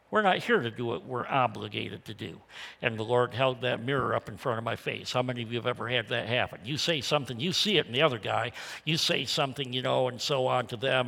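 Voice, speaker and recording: Older preacher in a reverberant hall. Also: male voice, medium pitch, creaky. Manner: storytelling, emphatic, swings loud and quiet. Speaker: pastor. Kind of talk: sermon.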